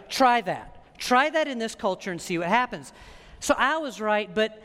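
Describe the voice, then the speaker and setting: A man preaching a sermon as pastor, telling stories in a joking, animated way. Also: very high-pitched, brisk, big-room sound. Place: church sanctuary.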